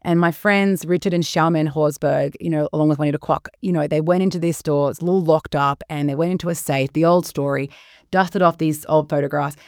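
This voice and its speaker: A woman, a guest historian, telling stories in a casual interview and acting out quoted voices with lively shifts. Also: low-pitched, brisk, dry recording, clean studio sound. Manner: animated storyteller, acts out quotes.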